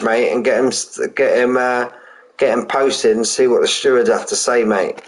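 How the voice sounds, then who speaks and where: A man's voice: mid-range voice, steady tone, normal speed, rough recording. A man commentating a sim racing league, casual and chatty, calling drivers "mate" and saying he's buzzing for them. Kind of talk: live race commentary and chat.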